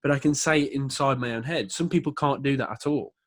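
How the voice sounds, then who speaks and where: A British man co-hosting a podcast, chatting casually in an animated, rambling way. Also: mid-range voice, brisk. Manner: animated, rambling, playful accent impressions. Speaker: podcast co-host. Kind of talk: casual chat.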